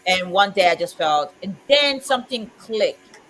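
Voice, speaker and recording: A woman's voice: medium pitch, lively intonation, measured pace, fairly bright tone, slight background noise, poor audio. A woman in casual chat, telling a heartfelt personal story in an earnest way with frequent "you know"s. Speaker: co-host of a community chat stream.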